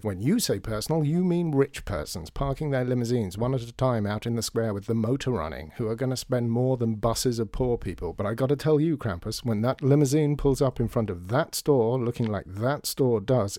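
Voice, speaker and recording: A man's voice: medium pitch, mellow, dry recording, studio quality, natural voice. A man voicing a blunt, streetwise woman who lectures, in a storybook reading.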